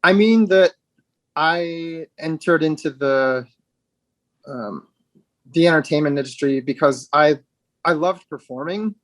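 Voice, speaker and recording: A man speaking as an interview guest, reflective and halting, with frequent restarts and fillers. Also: fairly high pitch, dry recording. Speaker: guest, actor with dwarfism.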